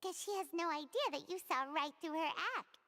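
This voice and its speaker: A woman voicing a tiny, excitable floating fairy companion who talks about herself in the third person. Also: very high voice, fairly quick, slight background noise, full character voice. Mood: curious.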